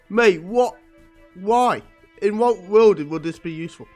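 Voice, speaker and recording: A man's voice: high voice, measured pace, a little mellow, soft background music. Wisecracking man reading comics aloud. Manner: swearing, wisecracking asides. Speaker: comic book reader. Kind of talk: casual comic reading with commentary.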